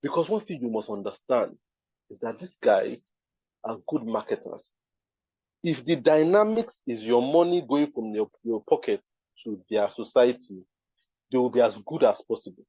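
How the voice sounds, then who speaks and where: A man's voice: mid-range voice, animated, normal speed, mellow, husky, no room sound, lo-fi sound. A man with a Nigerian accent giving an emphatic live talk at a design event, often checking that the audience understands. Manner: emphatic, keeps asking "you understand?".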